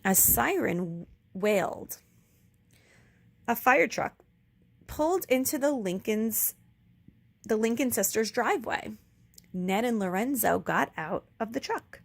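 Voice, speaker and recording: A woman teacher reading a children's book aloud, pausing to explain words for young kids. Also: a little high, expressive, vocal fry.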